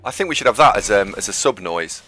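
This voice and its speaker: This man has a bright, sharp voice that swings widely in pitch. He commentates casually on his game for a live stream and reacts in an excitable, playful way. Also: fast, faint music behind.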